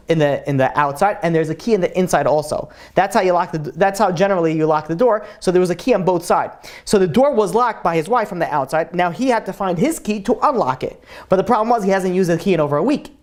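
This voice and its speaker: A woman telling a story in a casual, chatty way, often saying "like" and clearing her throat. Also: medium pitch.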